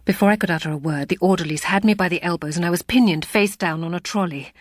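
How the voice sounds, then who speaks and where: A woman giving a dramatic first-person story reading in a hushed, half-whispered delivery. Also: fairly low pitch, quick pace, a little hiss or hum. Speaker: audiobook reader.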